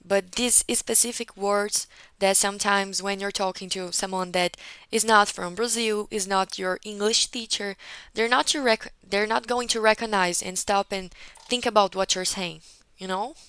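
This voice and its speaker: A woman's voice: medium pitch, fairly even intonation, normal speed, fairly bright tone, smooth, no echo, rough recording. A woman teaching an English conversation class over a video call, patiently correcting a student and often checking in with "okay?". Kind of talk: one-on-one online class feedback.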